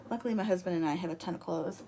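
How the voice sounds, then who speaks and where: A woman's voice: on the low side, rapid-fire, mellow, slight background noise. A young woman chatting casually to camera from her room at home, rambling and laughing as she talks, a little out of breath. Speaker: vlogger.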